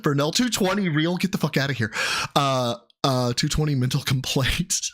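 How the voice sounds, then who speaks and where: A man hosting a live stream, talking excitedly and fast, cursing often and restarting his sentences as he reads chat. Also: fairly high pitch. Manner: excited, rapid, profane, with many restarts.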